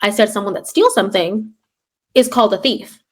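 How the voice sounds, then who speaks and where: A woman's voice: mid-range voice, brisk. A young adult woman who teaches third grade, hosting a casual chat and telling classroom stories with sarcasm. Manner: sarcastic, animated storyteller acting out classroom quotes.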